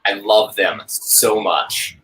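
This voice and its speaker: A man with a very low, husky voice talks in a relaxed group chat, keen and upbeat, dropping plenty of "uh"s along the way. His tone comes through bright and forward even though the voice sits deep. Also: slow, poor audio. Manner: relaxed, enthusiastic, with frequent "uh" fillers. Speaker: host of a watch-along chat. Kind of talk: casual group chat on a video call.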